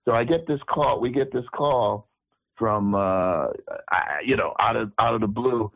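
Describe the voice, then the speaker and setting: A man's voice: lowish voice, a little slow, gravelly, dry recording, dull audio. A man over sixty, a musician guest, telling stories in a casual interview, often repeating words as he goes.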